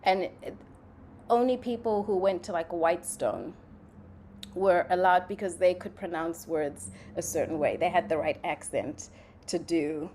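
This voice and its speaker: A woman's voice: lowish voice, unhurried, slight background noise. Young woman from zimbabwe chatting away in an interview, lots of "like", acts out little quotes. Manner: animated storytelling, many "like" fillers, acts out quotes. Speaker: guest, playwright and actress. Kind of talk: casual conversational interview.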